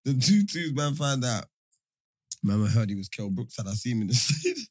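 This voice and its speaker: Animated young man, husky voice. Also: medium pitch, moderate pace. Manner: animated, laughing, full of London slang fillers. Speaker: storyteller in a chat. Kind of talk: casual storytelling chat.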